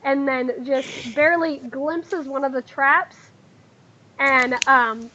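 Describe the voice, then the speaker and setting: Brief: woman GM, quite high voice, halting delivery, slightly muffled lo-fi sound. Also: pushed and bright, slight background noise. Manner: halting, many fillers and restarts. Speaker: game master. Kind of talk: narrating a tabletop game.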